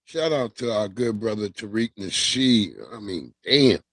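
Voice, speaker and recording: A man's voice: on the low side, animated, unhurried, a bit bright, no echo. A man hosting a livestream, talking in a loose, profane, slangy way and laughing as he tells stories. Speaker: livestream host. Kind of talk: casual commentary monologue.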